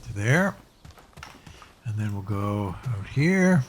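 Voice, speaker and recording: Slow, musing man narrating gameplay. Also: on the low side, sing-song, a little hiss or hum. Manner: musing aloud, hesitant restarts. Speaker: let's play host. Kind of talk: casual gameplay commentary.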